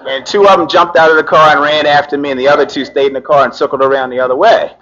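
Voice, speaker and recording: A man's voice: a little high, quick pace, some chatter behind. Middle-aged man telling a story, lo-fi. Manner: animated, frequent "you know" fillers, laughs through it. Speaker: lawyer. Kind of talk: personal storytelling. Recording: dull lo-fi recording.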